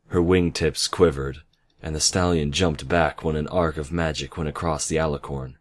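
A man's voice: rumbling low, steady tone, moderate pace. A man reading a fan story aloud, with casual asides and self-corrections. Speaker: reader.

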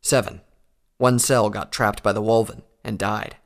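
A man's voice: on the low side, a little slow. A man voicing a defiant, captured male pony saboteur under interrogation. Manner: defiant, strained. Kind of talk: audiobook character voice.

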